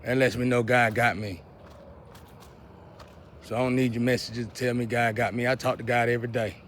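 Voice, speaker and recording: A man, lecturing and scolding his viewers in a preachy monologue, often clearing his throat. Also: mid-range voice, little pitch movement, normal speed, fairly bright tone, a little hiss or hum. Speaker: vlogger.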